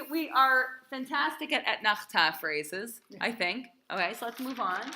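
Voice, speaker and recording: A woman cantor teaching a class, speaking in a lively, emphatic way and chanting the names of the marks. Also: on the high side, slight background noise. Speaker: cantor teaching Torah reading.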